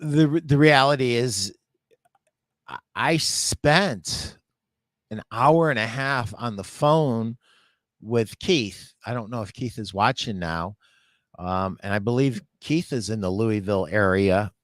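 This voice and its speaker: An older man hosting a live question-and-answer show, giving business advice in a slow, measured way. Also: mid-range voice, dry recording. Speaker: show host and retail consultant.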